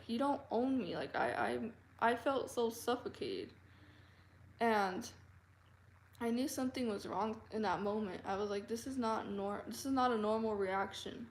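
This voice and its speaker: A woman telling a personal story to camera in an earnest, halting way, full of fillers and restarts. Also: fairly high pitch, a little mellow, a little hiss or hum. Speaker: vlogger. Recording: roomy echo.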